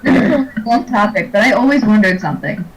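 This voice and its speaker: A woman's voice: medium pitch, brisk, slight background noise, rough recording. A young woman, bubbly and curious in a casual podcast chat over a group call. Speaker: podcast co-host.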